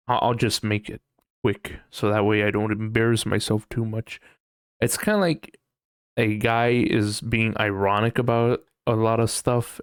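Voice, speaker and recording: A man's voice: mid-range voice, smooth, dry recording, clean studio sound. A young man hosting a casual solo podcast, rambling and self-mocking as he talks to his chat, sometimes slipping into goofy mock voices. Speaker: podcast host.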